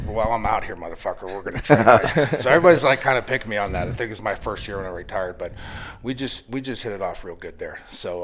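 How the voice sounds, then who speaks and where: Chatting casually as a guest, this American firearms instructor in his forties spins lively, foul-mouthed stories, laughing as each punchline lands. His voice is on the low side.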